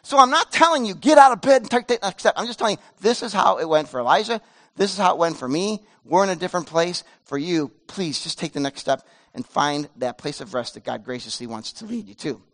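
A pastor in his fifties delivers a sermon in a relaxed, conversational way. His voice sits high for a man, and he moves from loud, pleading passages to quiet, hushed ones. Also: a little fast. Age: 50s. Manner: casual, earnest preaching that swings between loud pleading and hushed softness.

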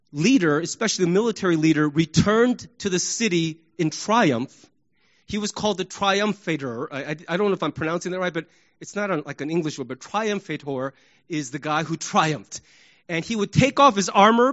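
A male pastor delivers an animated sermon, his voice sitting high. He acts out crowd shouts and sports examples. The recording sounds muffled and lo-fi.

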